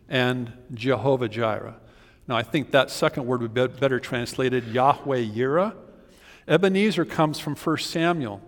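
Impassioned preacher in a reverberant hall. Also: male voice, medium pitch. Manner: impassioned, swings from loud pleading to hushed earnest. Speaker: pastor. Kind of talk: sermon.

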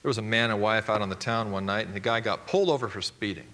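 A male pastor preaching a sermon, emphatic and swinging from loud declarations to hushed, quiet points. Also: on the low side, fast talker.

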